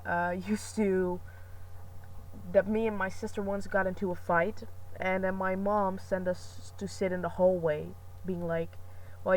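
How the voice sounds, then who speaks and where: A woman's voice: medium pitch, far from the mic, poor audio. Chatty young woman vlogging. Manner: rambling, chatty, self-mocking, many fillers. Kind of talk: casual chat.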